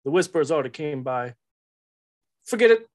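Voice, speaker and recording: A man playing an older police chief who talks with a put-on Southern drawl, gruff and fatherly. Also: on the high side, animated, a little fast, close to an everyday voice. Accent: American Southern (put on).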